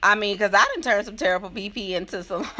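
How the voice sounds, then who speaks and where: A woman's voice: medium pitch, quick pace, sharp tone. A young woman giving playful, sassy relationship advice in a casual vlog chat, laughing often, with features. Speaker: advice vlogger answering letters.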